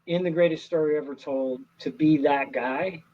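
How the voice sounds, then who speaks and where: A middle-aged man, an actor, telling stories in a casual interview, earnest and animated with many restarts. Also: a little high, moderate pace, highs cut off.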